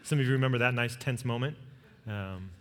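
A man preaching a sermon as pastor, telling a personal story with earnest warmth and leading the congregation in repeated phrases. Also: medium pitch, brisk. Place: church sanctuary. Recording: long reverb of a large hall.

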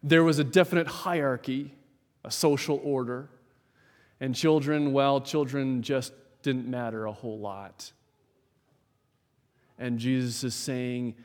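A man preaching a sermon in a measured, emphatic way, with dramatic pauses, in a large church hall. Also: medium pitch, steady tone. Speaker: pastor. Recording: long hall reverb.

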